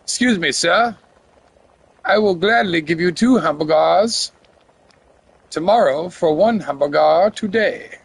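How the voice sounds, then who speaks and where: A man's voice: high-pitched, a little slow, gravelly, pauses often, husky, voice pushed up, heavily acted, rough recording. A man voicing a polite cartoon man begging for hamburgers in a raised, overly formal voice. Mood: wheedling.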